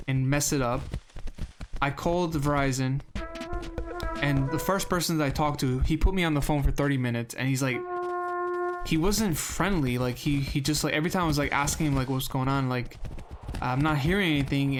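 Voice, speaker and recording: A young man streaming a game, chatting casually and rambling, with sudden loud yelps while he plays. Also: medium pitch. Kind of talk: casual gameplay commentary. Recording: game music playing behind.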